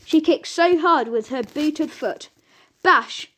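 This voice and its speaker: A woman narrating a children's audiobook in a lively storytelling manner. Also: sits high, measured pace. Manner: lively storytelling with sound words.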